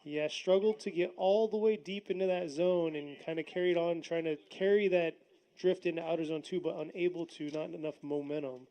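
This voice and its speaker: A man's voice: a little high, brisk, rough recording. A man commentating drift runs, calling each car's run play by play. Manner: excited play-by-play over car runs. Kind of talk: motorsport commentary.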